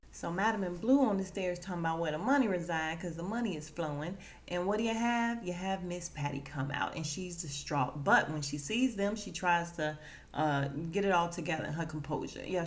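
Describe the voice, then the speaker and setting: A woman's voice: fairly low pitch, fairly quick. A woman hosting a podcast, animatedly and chattily recapping a TV episode, laughing often. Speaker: podcast host.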